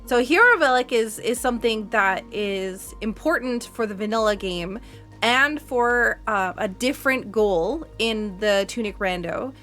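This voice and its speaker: Woman speedrunner, live stream, higher voice, chatty and giggly, faint music bed. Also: a little slow, fairly bright tone. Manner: chatty, laughs often, many fillers. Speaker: speedrun player. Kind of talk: live gameplay commentary.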